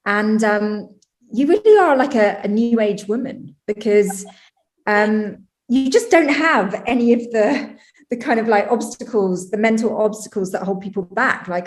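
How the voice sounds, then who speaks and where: A woman hosting a podcast, praising her guest slowly with many fillers as she wraps up the interview. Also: medium pitch. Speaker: podcast host. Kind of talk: interview wrap-up.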